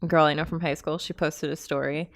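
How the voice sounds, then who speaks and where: A woman's voice: low voice, fairly even intonation, fairly quick. A woman in her thirties co-hosting a podcast, earnestly retelling movie scenes in casual chat with a friend and often laughing. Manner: casual swearing. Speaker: podcast co-host.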